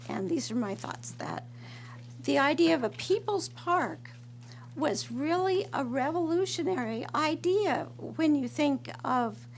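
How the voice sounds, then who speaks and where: Slow-spoken high-voiced woman reading a statement. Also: a little hiss or hum. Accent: American. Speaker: public commenter. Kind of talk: reading a letter aloud at a council meeting.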